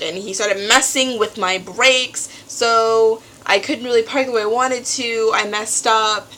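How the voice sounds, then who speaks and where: A teenage girl vlogging at home, telling a story in an animated way and acting out what others said. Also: on the high side, a little hiss or hum, poor audio. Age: teens. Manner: animated storytelling, acts out quotes. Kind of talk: casual venting vlog.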